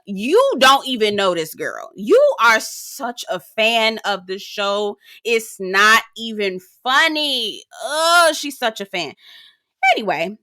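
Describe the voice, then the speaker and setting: A woman's voice: medium pitch, pushed and bright, no room sound, studio quality. Sassy, laughing woman recapping reality TV. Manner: sassy, profane, laughing often, mimics people. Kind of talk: casual commentary monologue.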